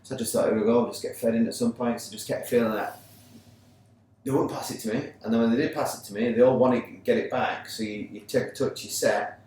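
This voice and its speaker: A man's voice: medium pitch, steady tone, fast, a little mellow, heavy reverb, distant mic, a little hiss or hum, rough recording. An English man co-hosting a sports podcast, chatting casually and acting out both sides of an argument as he tells a story. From England. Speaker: podcast co-host. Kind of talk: casual chat.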